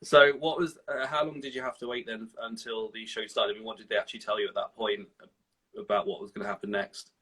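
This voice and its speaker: A man's voice: on the low side, steady tone, fast, fairly bright tone, breathy edge, rough recording. A man hosting a casual interview, asking long, rambling questions. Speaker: interviewer, host.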